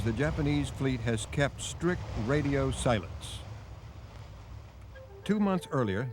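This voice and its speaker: Grave male documentary narrator. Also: medium pitch. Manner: measured, grave delivery. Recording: faint noise on a VHS broadcast.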